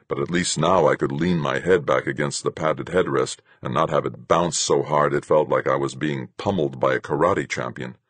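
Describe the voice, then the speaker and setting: A man reading a first-person science fiction novel aloud as audiobook narrator, with a steady, measured storytelling delivery. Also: a bass voice, slightly rough, no room sound.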